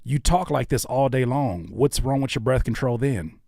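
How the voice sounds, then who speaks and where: A man's voice: mid-range voice, lively intonation, normal speed, creaky, darkish tone, no room sound, clean studio sound. A man hosting a livestream, giving blunt, coaching critiques of submitted songs. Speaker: music reviewer and livestream host.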